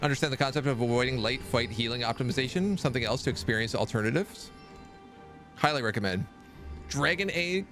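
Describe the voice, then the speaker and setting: Lively man streaming a game. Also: medium pitch. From Canada. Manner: chatty, reads chat aloud and answers. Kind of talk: live gameplay commentary.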